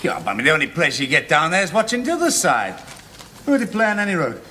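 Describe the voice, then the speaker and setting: An actor playing a proud, combative northern English football supporter with a northern accent, teasing and arguing in a 1970s television sitcom. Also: male voice, a little high, very animated, fast talker, very noisy. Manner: combative, teasing, bursts of shouting.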